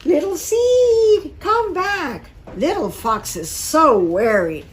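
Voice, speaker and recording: An anxious little fox calling for his friend in long, stretched-out cries, as a woman reading aloud puts him on. The voice sits high and tender. It sounds caring and loyal. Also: animated, takes it slowly. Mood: calling out worried.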